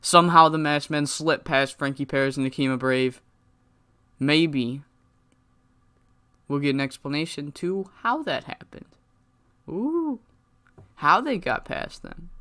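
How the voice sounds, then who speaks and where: A man with a fairly high, bright and forceful voice gives casual video game commentary in a clean tone. He rambles, curses freely, and corrects himself as he goes.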